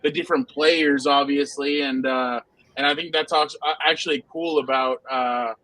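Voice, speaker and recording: A man co-hosting a casual football podcast, telling animated anecdotes and laughing often. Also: mid-range voice, normal speed, dry recording, rough recording. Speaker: podcast co-host, football reporter. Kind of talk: casual sports podcast chat.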